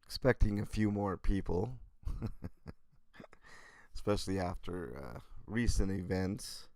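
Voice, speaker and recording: A man hosting a casual live-stream show in a groggy morning voice, greeting chat viewers by name with a relaxed, filler-heavy way of talking. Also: low voice, slow, no echo, studio quality. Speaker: livestream host.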